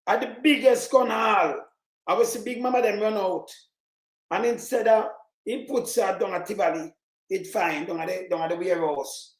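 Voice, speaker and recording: A man with a Jamaican accent, ranting commentary on the news, heated and preachy with sudden shouts. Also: sits high, normal speed, reverberant, rough recording. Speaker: online commentator.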